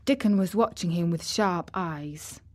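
A woman reading a classic children's novel as audiobook narration, measured and steady. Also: on the low side. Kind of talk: scripted narration.

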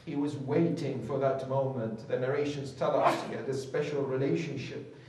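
A man's voice: mid-range voice, steady tone, normal speed, a little mellow. A man preaching a dramatic storytelling sermon, impassioned, his voice rising to cries when he quotes his figures. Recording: echoey hall from far off.

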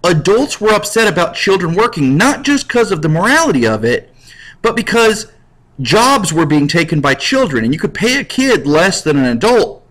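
A man's voice: high-pitched, big pitch swings, normal speed, fairly bright tone, rough recording. A man teaching a history lecture in a casual, jokey way, acting out little scenes. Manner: jokey, acts out scenes in voices. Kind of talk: recorded classroom lecture.

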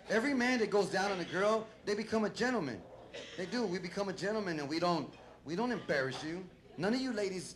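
A male stand-up comedian, doing a crude, rambling set full of swearing and acted-out bits, on a club stage with a handheld mic. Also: sits high. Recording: loud crowd laughter and room noise.

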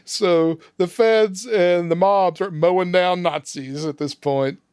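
A man talks through a film's plot step by step, chuckling as he goes. His voice sits fairly high. The sound is dry and close. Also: steady tone, slow pace, a little mellow, clean tone, no echo. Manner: walks through the plot step by step, laughing often. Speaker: podcast host recapping a film. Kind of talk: casual film discussion.

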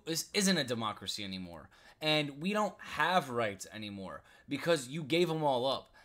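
A man's voice: on the high side, a bit bright. A man from the United States ranting about politics in a vlog, frustrated and repetitive, throwing in "bro" and "like". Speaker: commentary vlogger. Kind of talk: political rant.

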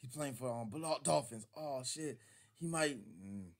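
A man co-hosting a casual sports podcast, animated and laughing often, acting out quick voices as he jokes about football. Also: medium pitch. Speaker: podcast co-host.

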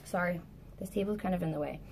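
A young woman teacher walks through clarinet basics in a casual, self-correcting way. Her voice sits low, with a dark, mellow tone. A faint background hiss fills the room. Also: fast talker, gravelly. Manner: chatty, self-correcting, laughs at herself. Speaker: music teacher. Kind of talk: casual instrument tutorial. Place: indoors at a table.

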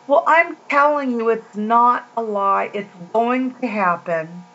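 Slow-talking earnest woman. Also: fairly high pitch, a bit bright. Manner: slow, earnest, rambling storytelling. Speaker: Christian video host. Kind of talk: casual devotional talk. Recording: dull lo-fi home recording.

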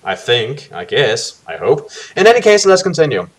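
A man's voice: mid-range voice, big pitch swings, moderate pace. A man running a co-op gamebook session, joking with his players and reading the story passages aloud. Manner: jokey, trails off into hedges. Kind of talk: casual co-op play with read-aloud narration.

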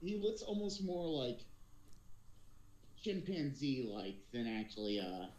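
A man narrating a tabletop game as its game master, describing scenes in a relaxed, hesitant way with plenty of "uh" and "like". His pitch moves in lively swings. The recording has a roomy echo around him. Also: a little slow.

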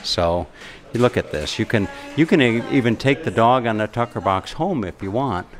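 A man's voice: medium pitch, expressive, moderate pace, a little hiss or hum. A man filming a casual travel vlog in a roadside café, chatty and enthusiastic, rambling with restarts. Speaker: travel vlogger.

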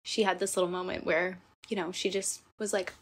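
A young woman co-hosting a casual podcast chat, telling stories in a warm, emotional way that turns tearful. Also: lowish voice, flat delivery, a little fast, slightly rough. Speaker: podcast co-host.

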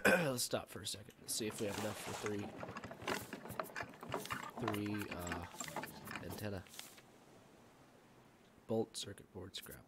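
Slow-talking man narrating his gameplay. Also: fairly low pitch, very noisy. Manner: rambling, thinks aloud with fillers. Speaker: gamer. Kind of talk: let's play game commentary.

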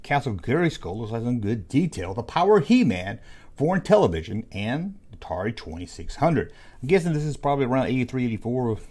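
A man's voice: medium pitch, very animated, brisk, warm tone, breathy edge. A man casually commenting on old comic book ads, with jokey, sarcastic asides. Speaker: YouTube host reviewing old comic ads.

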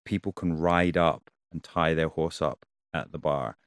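Deep-voiced man, halting and laughing. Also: fairly even intonation, clear, resonant tone, dry recording, clean studio sound. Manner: halting, restarts sentences, laughs often. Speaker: actor guest. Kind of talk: casual interview chat.

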